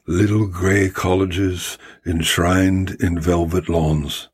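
Man playing a vain, witty Victorian writer: deep, breathy voice, arrogant and theatrical, no accent. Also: flat delivery, slow, full character voice. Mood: arrogant, amused. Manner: delightful, arrogant, theatrical air.

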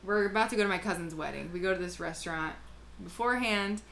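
A woman's voice: lowish voice, fast, vocal fry. Brief: young woman, casual podcast co-host, swears a lot, faint room noise. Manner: storytelling, profane, animated quoting. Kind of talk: casual chat.

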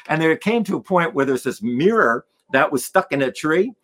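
A man telling stories in conversation as a guest musician, animated and acting out the voices of the people in them. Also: fairly high pitch, moderate pace. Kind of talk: storytelling in a conversation.

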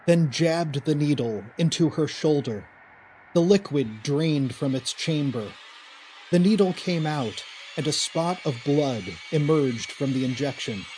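A man narrating a horror story in a slow, deliberate, dramatic way. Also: on the high side, darkish tone, slight background noise.

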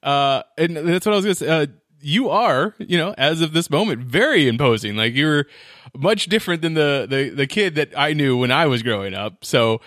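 A male podcast host chatting with a guest, halting and repeating himself as he talks. His voice sits somewhat high, and the sound is dry and close. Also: animated, a bit bright, no room sound. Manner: hesitant, halting. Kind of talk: casual interview chat.

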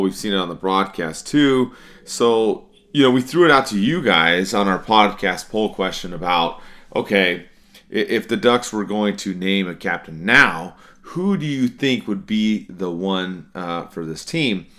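A man's voice: low voice, expressive, unhurried, a bit bright. A man hosting a sports podcast, talking casually with frequent fillers and restarts. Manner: conversational, many fillers and restarts. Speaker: podcast host.

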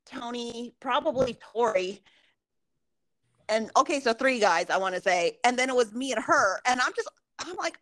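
A woman's voice: a little high, fairly bright tone, rough recording. A woman in her forties co-hosting a podcast, telling a story in casual chat, swearing and laughing often. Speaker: podcast co-host.

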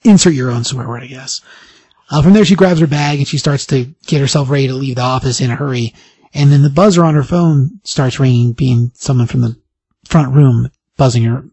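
Husky-voiced man recapping a comic. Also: mid-range voice, no room sound. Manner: animated storytelling, acting out dialogue in quick voices. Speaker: podcast host. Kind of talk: casual comic book recap.

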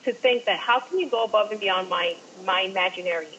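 A woman guest telling an excited fan story, acting out what people said, in casual chat. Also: mid-range voice, fast talker, muffled recording, slight background noise.

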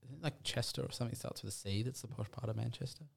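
A man's voice: mid-range voice, fast talker, gravelly, a little hiss or hum. A young man, co-hosting a podcast in casual chat, rambling through stories and laughing often. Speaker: podcast co-host.

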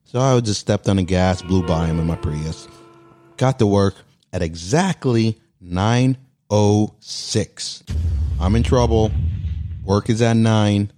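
A man telling a comic story from his bedroom, exasperated and animated, acting out his own lines in mock dialogue. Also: on the low side, slow pace, soft background music. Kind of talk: comedic storytelling monologue.

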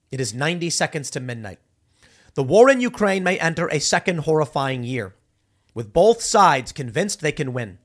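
A man hosting a political commentary show, talking in an animated, rambling monologue with many restarts. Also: on the high side.

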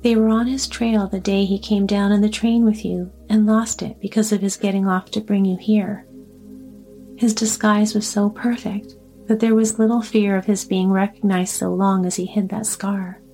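A woman voicing a quiet, matter-of-fact grown son in a storybook reading. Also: medium pitch, flat delivery, normal speed, faint music behind, natural voice. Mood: earnest. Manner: quiet, earnest.

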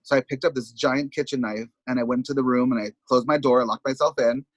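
A man's voice: mid-range voice, steady tone, fast, no room sound. A man who is a drag performer, the podcast's guest, telling his story candidly in casual talk that is full of swearing. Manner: casual, swears freely, acts out quotes of others.

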